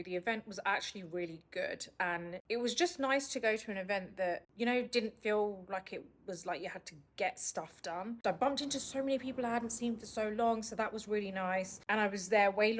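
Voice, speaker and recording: A young British woman talking casually to camera in a vlog, chatty and quick to laugh. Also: mid-range voice. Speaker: beauty vlogger.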